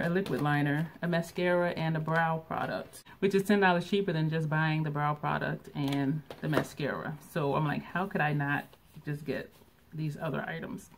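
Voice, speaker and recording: A middle-aged woman chatting casually through a shopping haul vlog, laughing often and thinking aloud. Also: lowish voice. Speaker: beauty vlogger.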